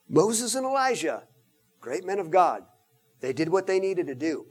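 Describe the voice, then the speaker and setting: High-voiced man preaching emphatically. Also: normal speed. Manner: animated and emphatic, with joking asides. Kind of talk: sermon.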